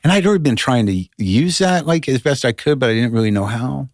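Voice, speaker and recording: A middle-aged male comedian telling an animated, profane story in casual chat, with many stammering restarts. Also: mid-range voice, fast talker, no room sound, clean studio sound. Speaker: guest comedian.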